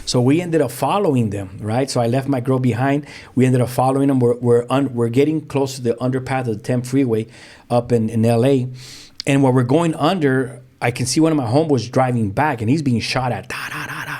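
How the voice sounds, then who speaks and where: A man, a pastor telling his own story as a guest in lively, vivid storytelling with street slang and sound effects. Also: mid-range voice, brisk. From South Central Los Angeles. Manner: frequent restarts, street slang. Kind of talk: animated storytelling.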